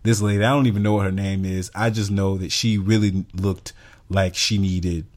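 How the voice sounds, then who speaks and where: A man with a fairly low voice tells a story on a podcast. He speaks casually and sounds exasperated, acting out the quotes with animation. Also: flat delivery, normal speed, darkish tone. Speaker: podcast co-host.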